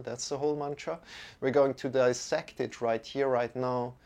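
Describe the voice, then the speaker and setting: A man's voice: mid-range voice, steady tone, normal speed, vocal fry, darkish tone. A man teaching a live-streamed mantra lesson, talking in a casual, chatty way with many fillers.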